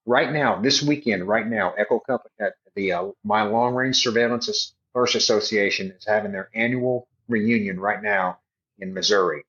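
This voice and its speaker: A man's voice: on the low side, moderate pace, a bit bright. Middle-aged male chaplain, emphatic folksy storyteller, slightly muffled recording. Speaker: army chaplain guest. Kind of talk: casual podcast storytelling.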